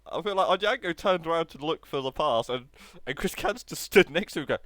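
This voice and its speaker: A young man commentating on his own football video game match, laughing often and excitable. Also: fairly high pitch, brisk, no room sound. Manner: giggly, excitable, laughs between lines. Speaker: gaming streamer.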